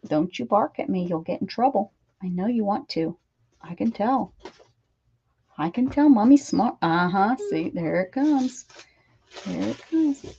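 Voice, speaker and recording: A chatty American woman hosting a home crafting stream, trading affectionate baby-talk with her pets between comments on her work. Her voice is mid-pitched and comes through slightly dull, lo-fi stream audio. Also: lively intonation, measured pace, gravelly, pauses often, mellow, breathy edge. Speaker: craft livestream host. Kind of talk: casual chat while crafting.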